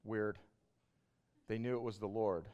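A man's voice: fairly low pitch, fairly even intonation, a little slow, darkish tone, dull audio. A man preaching a sermon, retelling a Bible passage in a casual, storytelling way and building to passionate emphasis. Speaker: pastor.

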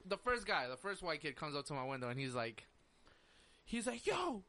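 In a fast, fairly high-pitched voice, this young man recounts a story on a podcast during casual chat. He animates it by acting out the quotes, and "like" comes up again and again.

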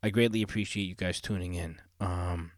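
A man's voice: sits low, steady tone, normal speed, no echo, clean studio sound. A man hosting his own solo podcast, talking casually in a rambling, profane way with many fillers. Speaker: podcast host.

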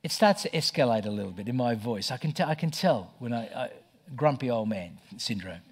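A middle-aged man preaching a sermon as pastor, telling stories with lively stammered restarts. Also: medium pitch, a little fast, slightly rough. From Australia. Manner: animated storytelling with stammered restarts.

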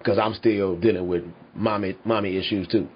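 Heated husky man ranting. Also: lowish voice, steady tone, moderate pace. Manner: heated, emphatic, swears constantly, laughs between points. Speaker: commentary podcaster. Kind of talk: profane rant to viewers. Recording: slightly dull lo-fi sound.

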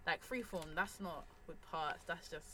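A woman's voice: lowish voice, measured pace, a bit bright. A young woman co-hosting a casual podcast in a small studio, chiming in and repeating phrases as she talks. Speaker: podcast co-host. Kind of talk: casual chat. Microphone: studio microphone.

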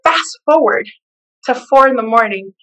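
A woman telling her personal faith testimony in an animated way, acting out the voices of the people in her story. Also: fairly high pitch, moderate pace, low-quality recording. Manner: expressive storyteller who acts out the quoted lines. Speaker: guest sharing her testimony.

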